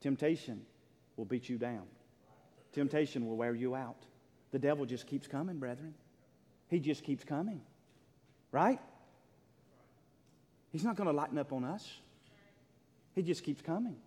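A pastor preaching a sermon in a church, emphatic, swinging between loud declarations and hushed, near-whispered lines. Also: male voice, mid-range voice, unhurried, pauses often. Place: church sanctuary. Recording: long reverb of a large hall.

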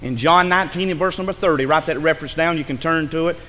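A man preaching a sermon, dramatic, dropping to a hush and rising to a shout. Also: on the high side, fast, big-room sound, a little hiss or hum.

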